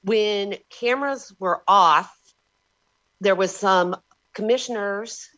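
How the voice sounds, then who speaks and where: A woman's voice: mid-range voice, slow, sharp tone. A woman giving emotional, frustrated public testimony to a county board by remote call-in. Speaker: public commenter. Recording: dull lo-fi remote audio.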